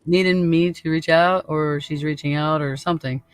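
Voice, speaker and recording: A man's voice: on the high side, steady tone, normal speed, clear, resonant tone, no room sound. A man hosting a podcast in casual chat, laid-back and laughing often, swearing freely. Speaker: podcast host.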